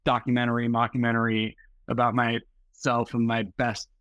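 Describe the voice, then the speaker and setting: A Seattle man in his forties, interviewed as a filmmaker, speaks smoothly at normal speed in a medium pitch, rambling casually and at length with many fillers and a relaxed air. There's no room sound, but the audio comes through muffled and lo-fi.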